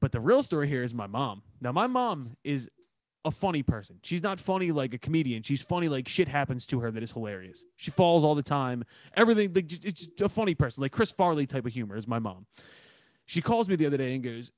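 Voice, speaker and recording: A man with a Philadelphia accent hosting a casual podcast chat. He tells stories fast and loose, full of swearing and fillers. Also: mid-range voice, big pitch swings, dry recording. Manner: fast, profane storytelling with lots of fillers. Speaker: podcast host.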